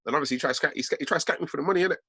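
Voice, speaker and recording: A man's voice: a little high, pushed and bright, husky, no echo. A young man, telling a rambling story in heavy street slang. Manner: slangy, fast, peppered with innit and bruv. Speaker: host.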